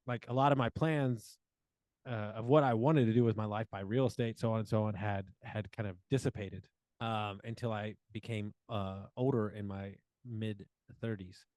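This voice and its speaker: A man's voice: on the low side, no echo. Storytelling man, dry close sound. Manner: animated storyteller acting out quoted dialogue, many fillers. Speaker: podcast guest. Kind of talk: casual storytelling interview.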